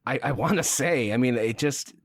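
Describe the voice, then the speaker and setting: A man's voice: mid-range voice, moderate pace, no echo, clean studio sound. A man co-hosting a podcast, talking casually and hesitantly with many fillers and self-corrections. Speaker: podcast co-host reviewing a TV series.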